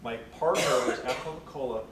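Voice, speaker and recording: A man's voice: mid-range voice, a little fast. A man leading a conference session, telling a work story and acting out the people in it. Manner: animated storyteller acting out quotes. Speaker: session leader. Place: conference room. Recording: echoey room from far off with noise.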